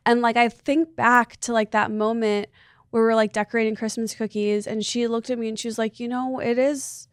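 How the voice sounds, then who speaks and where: A woman in her thirties tells a personal story as a podcast guest. Her voice sits high and sounds dry and close. She rambles earnestly and fills her talk with "like". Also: level tone, a little fast, clean tone, no room sound. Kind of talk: casual chat, personal storytelling.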